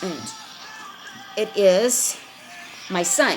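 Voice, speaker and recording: Middle-aged woman, solo vlogger, insistent, mid-pitched, keeps nudging her audience. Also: unhurried, over music. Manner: insistent, keeps repeating "all right?". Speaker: online video host. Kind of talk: casual monologue to camera.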